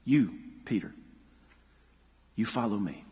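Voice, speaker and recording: Brief: preacher playing a quiet, firm teacher, husky, long hall reverb. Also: male voice, on the low side, animated, slow, voice pushed down, exaggerated voice. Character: calm, firm male teacher.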